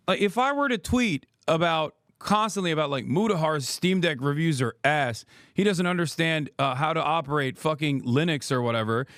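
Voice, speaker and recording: Man ranting angrily, high voice, dry. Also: animated, brisk, fairly bright tone, dry recording. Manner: angry, profane, sarcastic, rhetorical questions. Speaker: streamer, political commentator. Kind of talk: ranting livestream commentary.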